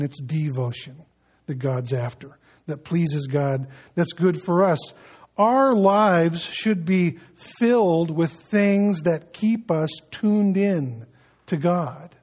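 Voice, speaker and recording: High-voiced man preaching conversationally. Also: a little mellow, breathy edge. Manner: conversational preaching with acted-out asides. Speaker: pastor. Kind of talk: sermon.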